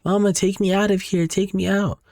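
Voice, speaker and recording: A man's voice: high voice, little pitch movement, brisk, vocal fry, a little mellow, no room sound, studio quality, pitched above the performer's own voice. A man doing an eerie pleading toddler girl. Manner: singsong, begging. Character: cursed two-year-old girl, eerie and pleading. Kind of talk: dramatic reading of a horror manga.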